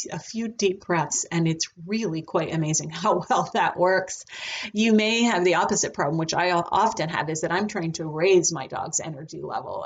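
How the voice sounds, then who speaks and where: A woman teaching a recorded lesson on dog behavior, talking in a relaxed, chatty way with frequent ums. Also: low-pitched, creaky, slight background noise. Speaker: dog trainer.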